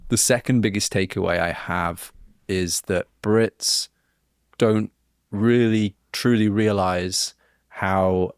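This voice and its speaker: A man's voice: fairly low pitch, steady tone, slow, smooth, no room sound, clean studio sound. A British man telling a story on a podcast, explaining his ideas through metaphors. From United Kingdom. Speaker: podcast guest. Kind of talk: casual podcast conversation.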